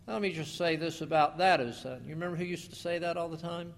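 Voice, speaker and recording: A man preaching a sermon as pastor, animated, slowing down for scripture and putting questions to the congregation. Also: fairly high pitch, creaky. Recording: long reverb of a large hall.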